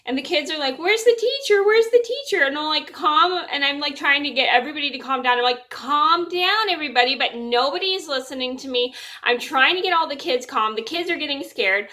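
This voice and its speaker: A woman's voice: high-pitched, quick pace, few pauses, bright, forceful tone. A young woman casually telling a personal story to camera, rambling and restarting her sentences. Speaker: vlogger.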